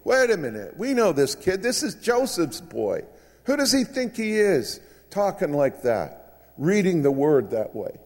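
A preacher putting on scoffing skeptical villagers. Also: male voice, sits high, sing-song, a little slow, a little mellow, long reverb tail, pitched above the performer's own voice, exaggerated voice. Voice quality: incredulous, scoffing. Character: grumbling skeptical village neighbors, adult men.

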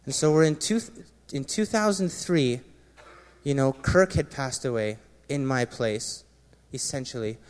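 Earnest man telling his story in a hall. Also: measured pace. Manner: earnest storytelling, often dropping quiet and low at painful moments. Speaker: former Marine sharing a testimony. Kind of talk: personal testimony to a gathering. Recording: long reverb of a large hall.

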